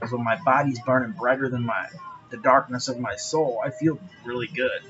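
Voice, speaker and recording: A man's voice: mid-range voice, normal speed, highs cut off, over music. A man talking straight to his viewers in a rambling, profane monologue, laughing often. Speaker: vlogger.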